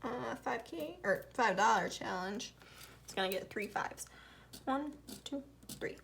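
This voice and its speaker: A woman's voice: fairly high pitch, lively intonation, unhurried, creaky, fairly bright tone, slight background noise. A woman with a Southern US accent talking through her budget in a casual vlog, counting bills aloud and sometimes murmuring the tallies under her breath. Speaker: budgeting vlogger.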